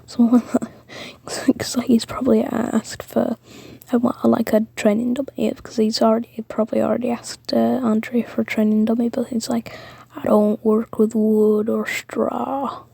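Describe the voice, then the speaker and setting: A woman's voice: a little high, flat delivery, normal speed, gravelly, dark tone, slightly rough, no echo. A woman whispering a rambling fan-fiction story, with many fillers and self-corrections. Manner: mostly whispered.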